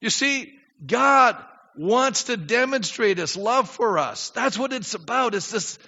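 An older man preaching a sermon as pastor, acting out prayers and swinging from quiet asides to shouts. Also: takes it slowly. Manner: animated preaching, acts out prayers, drops low then shouts. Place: church sanctuary. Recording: dull reverberant church recording.

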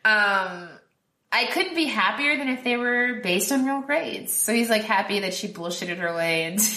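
A woman co-hosting a podcast, recapping a film in casual chat, quoting characters in quick voices and laughing often. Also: medium pitch, lively intonation, sharp tone, echoey room. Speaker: podcast co-host.

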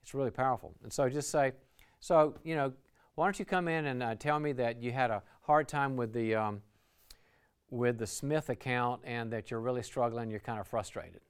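A man's voice: medium pitch, moderate pace, clean tone. Enthusiastic man giving a lecture. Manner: enthusiastic, acts out short dialogues. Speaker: leadership speaker. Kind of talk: lecture on team relationships. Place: lecture venue.

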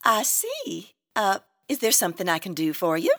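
Casting: actress voicing a prim, nosy Southern hotel clerk with a sugary drawl, voice swinging high and low, very dry sound. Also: female voice, wildly swooping pitch, normal speed, no echo. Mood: genteel, sugary. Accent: American Southern. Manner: prim and nosy, drops to hushed gossip. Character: gossipy genteel Southern hotel clerk woman. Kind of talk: comedic radio play acting.

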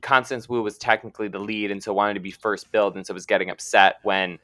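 A co-host in a casual pop culture chat, laying out stories step by step in a measured way. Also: low voice, level tone, pushed and bright, dry recording. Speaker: podcast co-host.

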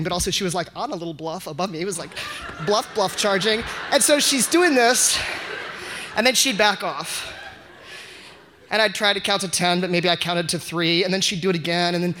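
A man telling an unscripted story at a live event, animated and self-mocking, often breaking into laughs. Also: high voice. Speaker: audience member telling a story. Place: live event before an audience.

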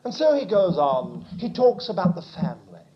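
A man preaching a sermon, swinging from quiet asides to loud exclamations. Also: high voice, moderate pace, a little hiss or hum. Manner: animated preaching, dropping to near-whispers and rising to exclamations. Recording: muffled lo-fi recording.

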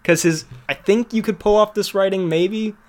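A young man with a high voice hosts a podcast, chatting casually at a normal speed as he reviews TV shows. He rambles, swears often, and laughs at his own jokes.

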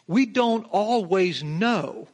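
A man's voice: high-pitched, lively intonation, very slow, darkish tone. A middle-aged male pastor teaching a Bible passage verse by verse, emphatic, drawing out key words and asking the congregation rhetorical questions.

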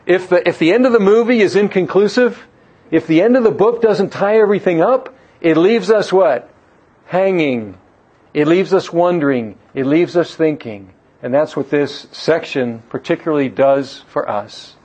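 A man's voice: fairly high pitch, moderate pace, a little mellow, husky. A man preaching and teaching on a Bible passage in an earnest way, asking his listeners questions and often repeating words as he restarts a phrase. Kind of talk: sermon-style Bible teaching. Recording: dull lo-fi recording.

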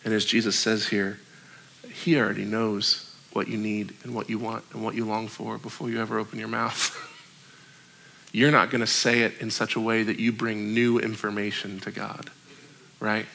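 A young adult man preaching a sermon as a pastor, conversational and joking, with quick asides. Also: on the low side, flat delivery, creaky, sharp tone.

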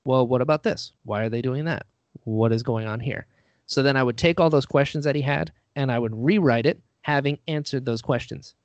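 With a medium-pitched voice moving a little fast, a man guesting on an interview show tells a casual, self-deprecating story and performs the quoted voices. He's an actor and writer, and the dull, lo-fi, dry recording has no room sound.

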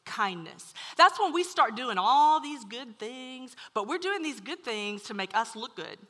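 Animated woman preaching in a reverberant hall. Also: fairly high pitch, a little slow. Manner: animated storytelling, swings from loud to hushed. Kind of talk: sermon.

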